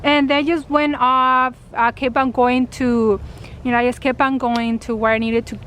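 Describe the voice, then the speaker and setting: A high-pitched woman chats to camera in a loose, animated storytelling style, full of fillers, slipping into the voices of the people she quotes. Faint outdoor traffic hums behind her. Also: normal speed. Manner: animated retelling, acting out quoted dialogue, many fillers. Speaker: spiritual vlogger.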